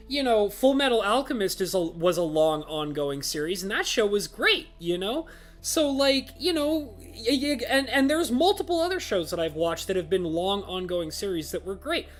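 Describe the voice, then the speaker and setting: A woman's voice: lowish voice, a bit bright. A woman hosting her own channel, ranting in a casual, exasperated, repetitive way. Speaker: channel host.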